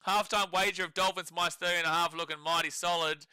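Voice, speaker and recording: Young Australian male streamer, wry sports chat, a bit high-pitched, dry close sound. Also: fairly even intonation, quick pace, pushed and bright, clean tone, no room sound. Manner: sarcastic, laughs often, reads chat aloud. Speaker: livestream co-host. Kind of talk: casual live sports watch-along commentary.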